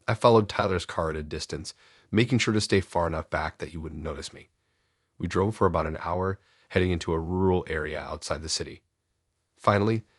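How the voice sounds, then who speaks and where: Very deep husky male horror narrator. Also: dry recording, clean studio sound. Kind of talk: scripted first-person horror narration.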